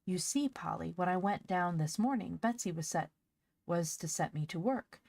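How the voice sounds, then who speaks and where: A woman's voice: on the low side, animated, moderate pace, gravelly, darkish tone, dry recording. A woman voicing a sturdy, practical young boy in an audiobook, matter-of-fact and teasing. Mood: plain. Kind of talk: audiobook character voice.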